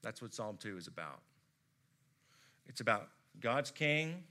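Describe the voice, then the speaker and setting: An American man preaching a sermon, telling stories expressively and swinging from loud emphasis to hushed tones. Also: mid-range voice, animated, a little slow. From United States. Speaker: pastor.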